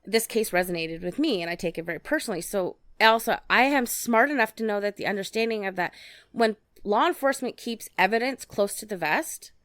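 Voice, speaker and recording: A woman's voice: medium pitch, animated, a little fast, a bit bright. An outspoken, indignant woman co-hosting a casual true-crime podcast. She speaks bluntly and swears casually, close to the mic. The room is dry, with no echo. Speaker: podcast co-host.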